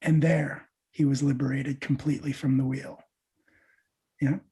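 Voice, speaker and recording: Male meditation teacher, warm-dark husky storyteller, animated. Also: medium pitch, a little slow. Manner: animated storyteller, lively asides to listeners. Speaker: podcast guest, meditation teacher. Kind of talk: telling a spiritual parable.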